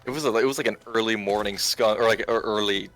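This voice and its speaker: Faint music runs behind a man in his twenties who co-hosts game commentary and tells a funny story as he plays, captured on a remote call with screen share. He talks at a quick pace in a somewhat low, slightly bright voice with fairly even intonation, laughing often and stumbling over fillers and restarts.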